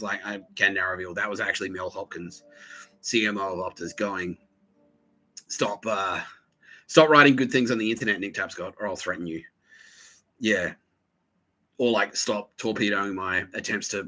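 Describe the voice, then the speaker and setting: A man's voice: deep voice, pushed and bright, poor audio. An Australian man hosting a podcast, telling a rambling, crude story full of swearing and muttered asides. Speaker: podcast host. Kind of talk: rambling profane monologue.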